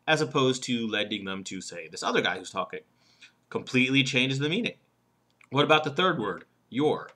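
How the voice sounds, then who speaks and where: Bright-voiced man teaching public speaking. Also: mid-range voice, very animated, a little fast, breathy edge. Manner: emphatic, stresses single words to demonstrate; conversational, checks in with "okay?". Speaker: motivational humorist and professional speaker. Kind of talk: instructional talk on public speaking.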